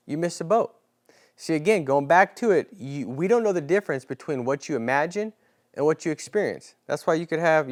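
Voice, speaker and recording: A man teaching a sales training class in a casual, animated way, often acting out talks with clients. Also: fairly high pitch. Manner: casual, animated coaching with role-played client dialogue.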